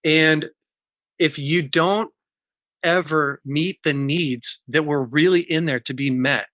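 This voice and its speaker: A man's voice: a little high, slow pace, pushed and bright, dry recording. A man speaking as an interview guest, earnest and explaining his points through examples. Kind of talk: casual interview talk.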